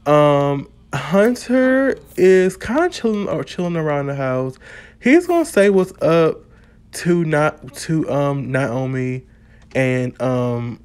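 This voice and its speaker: A man's voice: medium pitch, darkish tone. A man casually narrating life-simulation gameplay in a chatty, storytelling manner. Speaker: gaming channel host.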